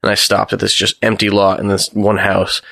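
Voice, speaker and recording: A man's voice: fairly low pitch, creaky, no echo. A young American man, a photographer, telling stories in a casual interview and acting out the exchanges he quotes. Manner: fast, animated storytelling, acts out quoted exchanges.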